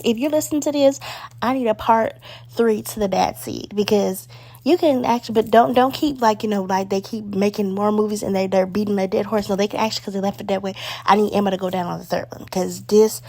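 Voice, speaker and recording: Chatty, excitable woman reviewing a movie. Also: medium pitch, fairly quick. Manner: chatty and excitable, slangy, many fillers. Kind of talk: casual spoken movie review.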